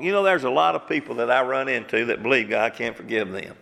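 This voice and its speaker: A man's voice: medium pitch, expressive, fast talker, gravelly, hardly any pauses, sharp tone, long reverb tail. A middle-aged man preaching a sermon emphatically, asking his listeners rhetorical questions.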